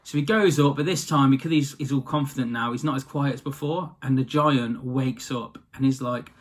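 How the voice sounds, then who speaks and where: A man's voice: mid-range voice, normal speed, hardly any pauses. Chatty man telling a story. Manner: rambling, chatty, self-correcting. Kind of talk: casual storytelling.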